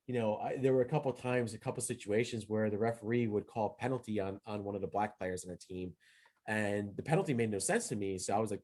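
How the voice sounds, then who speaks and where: A man's voice: medium pitch, darkish tone. A young man hosting a podcast, reviewing a movie in casual solo talk, rambling with many fillers and restarts and acting out quoted lines as he retells. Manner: acts out quoted dialogue in retelling. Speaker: podcast host.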